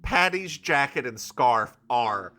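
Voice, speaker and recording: A man co-hosting a podcast recaps a TV episode in a campy, giggly way. His voice is bright and swings widely in pitch. He takes his time over the story. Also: expressive, takes it slowly. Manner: campy, giggly, recounts scenes with quoted bits. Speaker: podcast co-host. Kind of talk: casual chat recapping a TV episode.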